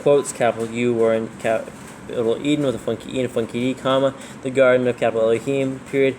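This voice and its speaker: A man proofreading scripture aloud, reading slowly and calling out every comma, quote and capital letter. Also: mid-range voice, flat delivery, a little mellow, slight background noise. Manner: reads slowly, spelling out punctuation and capitals. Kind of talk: dictating text with punctuation.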